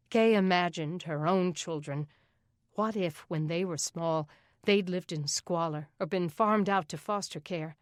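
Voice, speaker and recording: A woman narrates an audiobook with a steady, even reading. Her voice sits a little low, and the sound is dry and close, with no room around it. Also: unhurried, no room sound. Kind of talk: scripted narration.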